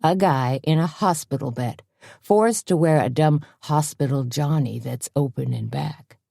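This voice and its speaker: A woman's voice: sits low, a little slow, creaky, mellow, no echo, clean studio sound, heavily acted. Woman voicing a goofy, slangy dim-witted man. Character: dim-witted drawling man with a broken leg.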